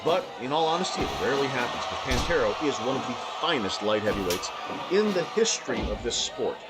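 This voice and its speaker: A man calling wrestling matches play-by-play, breathless and scratchy-throated, with excited shouts and frequent restarts. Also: medium pitch, fast, over loud music. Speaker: wrestling commentator. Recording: loud background noise.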